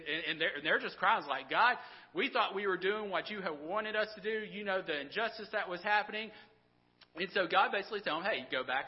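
High-voiced stammering man retelling a Bible story. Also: highs cut off. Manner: stammering, repeats words, voices characters informally. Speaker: Bible teacher. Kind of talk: casual Bible lesson retelling.

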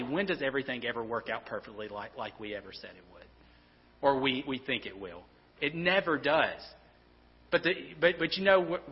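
A man preaching a sermon as a pastor, earnest and often stumbling over and repeating his words. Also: mid-range voice. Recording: dull, reverberant hall sound.

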